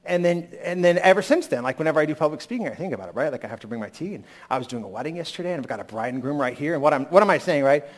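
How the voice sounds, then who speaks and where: Candid pastor preaching with emphatic rises. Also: male voice, a little high, lively intonation, rapid-fire, few pauses. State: lingering cold. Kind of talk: sermon.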